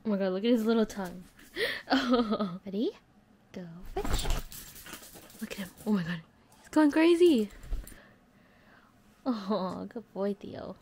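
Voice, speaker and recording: A woman chatting casually through a home vlog, now and then dropping into a soft whisper. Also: mid-range voice, normal speed, slight background noise. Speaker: vlogger.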